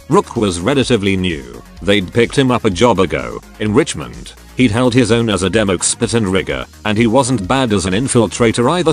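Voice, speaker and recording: Man, scripted story narration, lively pitch, even synthetic reading. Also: brisk, few pauses, faint music behind.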